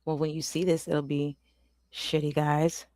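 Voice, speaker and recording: A woman's voice: low voice, flat delivery, a little slow, mellow, dry recording. A woman hosting a casual livestream, frustrated and swearing, often dropping into whispers, talking into a desk microphone at home. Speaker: livestream host.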